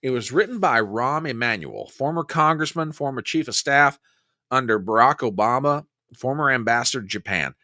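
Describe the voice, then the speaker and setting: A man's voice: medium pitch, lively intonation, moderate pace, bright, forceful tone, no echo, clean studio sound. A man hosting a political commentary livestream, reacting to clips and talking to viewers in an exasperated way. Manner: exasperated, talks back to clips and chat. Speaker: host of a political commentary show.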